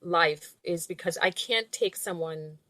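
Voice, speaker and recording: A woman guest on an interview podcast, a money and life coach, speaking in an earnest, measured way. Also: lowish voice, bright, forceful tone, no echo. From outside the US. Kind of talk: reflective interview answers.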